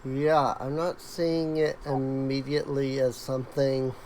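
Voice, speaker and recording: A woman narrating a tabletop game as game master, halting with many fillers and restarts. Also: a bass voice, little pitch movement, a little mellow, slight background noise, low-quality recording.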